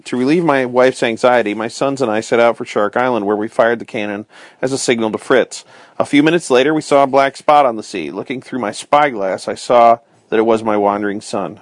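A man's voice: medium pitch, a little fast, dry recording, studio quality. A man hosting a bedtime story reading, narrating a chapter book steadily with small slips. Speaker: storyteller host.

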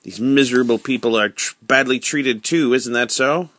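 A man voicing a prying, smooth-talking spy. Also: mid-range voice, normal speed, a bit bright, no room sound, lightly acted. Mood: probing. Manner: coaxing, leading questions.

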